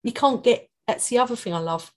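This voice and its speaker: Warm Cockney woman, calming and encouraging, podcast guest. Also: on the high side, a little fast. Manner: encouraging, laughs often. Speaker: guest, creative writing tutor. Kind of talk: podcast interview.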